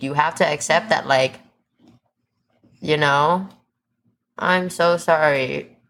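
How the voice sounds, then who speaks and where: Podcast co-host, woman, low-pitched, sincere heart-to-heart delivery with lots of fillers. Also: fairly bright tone. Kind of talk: casual podcast chat.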